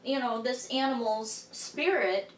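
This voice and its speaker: A woman's voice: fairly high pitch, a little slow. A woman on a podcast panel, animatedly arguing her view of a film in casual discussion. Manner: animated, expressive, argues her reading of the film. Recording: roomy room, distant mic.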